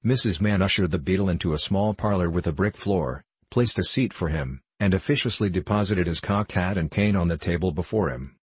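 A man reading a classic novel aloud as an audiobook narrator, in measured, formal storytelling. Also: low voice, husky, no echo.

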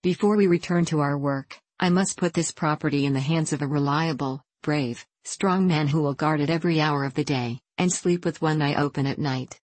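A woman reading the lines of a stern middle-aged male lumber boss in a storybook, with measured, earnest explaining. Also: deep voice, a little mellow, no echo. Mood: serious.

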